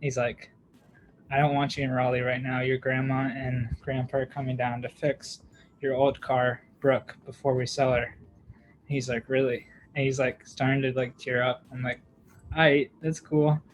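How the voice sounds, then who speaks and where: A man's voice: medium pitch, level tone, moderate pace, a little hiss or hum, rough recording. A young man, a podcast co-host, telling a long story in casual chat, with lots of fillers, "like" and laughter. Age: young adult.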